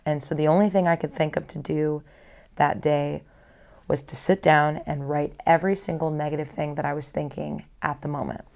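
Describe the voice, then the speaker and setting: A woman's voice: deep voice, fairly even intonation, normal speed, creaky, darkish tone. A young woman hosting a podcast, talking candidly and at length about her own feelings, often repeating her phrases. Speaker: podcast host. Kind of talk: personal reflective monologue.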